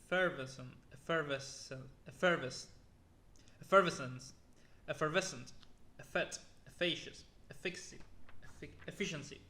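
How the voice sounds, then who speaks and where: A young man plods through a long list of words, one after another, sometimes tripping and starting a word over. His voice sits a little high for a man. The sound bounces around an echoey room. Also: normal speed, pushed and bright. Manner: plodding word-by-word reading with restarts and weary asides. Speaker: YouTuber. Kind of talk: reading a word list aloud.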